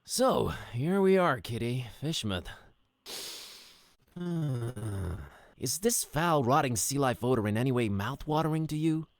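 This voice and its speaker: A man's voice: mid-range voice, lively intonation, slow, dry recording. A man voicing a laid-back, wisecracking adult adventurer in a game, recorded as dry studio voice-over. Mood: curious. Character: wry easygoing male adventurer, adult. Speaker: game character.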